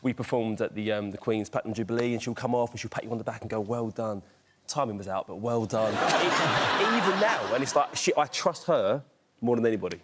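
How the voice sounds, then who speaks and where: A man, a dancer guest on a chat show, talking in a relaxed, hesitant way. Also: medium pitch, fast talker, heavy background noise. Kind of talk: casual chat.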